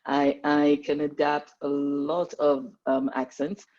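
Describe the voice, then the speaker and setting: A woman from Nigeria who works as a medical practitioner speaks as a panelist on a video call. She talks earnestly and animatedly, in a fairly low register. The sound is dull and lo-fi, as over a call. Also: monotone, takes it slowly, a little mellow.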